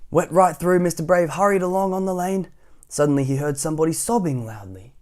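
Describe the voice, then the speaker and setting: A man's voice: on the high side, brisk, darkish tone. A man hosting storytime, reading a children's picture book aloud with casual asides to young listeners. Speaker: storytime host.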